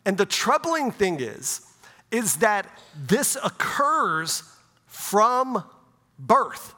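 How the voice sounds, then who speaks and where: Long church reverb surrounds a middle-aged pastor preaching very slowly in a high, sharp voice with big swings in pitch. His sermon is conversational, checking in often with "right?" from the sanctuary.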